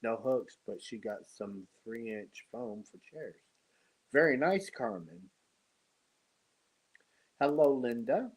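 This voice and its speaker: A tired, congested man hosting a casual live stream, greeting viewers and talking slowly with many pauses and fillers. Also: medium pitch, expressive, rough recording. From United States. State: tired and congested after surgery. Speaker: host of a live yarn stream.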